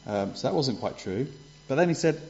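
A man's voice: medium pitch, expressive, a little fast, gravelly, a little mellow. A man retelling a parable in a conversational way for a congregation, asking rhetorical questions, on a dull lo-fi recording. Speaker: preacher giving a children's talk.

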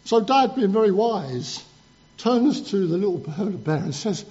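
A man's voice: high-pitched, lively intonation, moderate pace, darkish tone, highs cut off. A man preaching a sermon in an earnest, emphatic manner, building up lists of points and telling a story to the congregation.

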